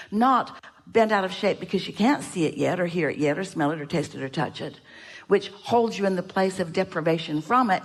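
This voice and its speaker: A woman with a low, husky voice addresses a seminar audience in an emphatic, repetitive way. She speaks of herself as "we" and keeps coming back to the same point. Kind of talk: inspirational seminar talk to an audience.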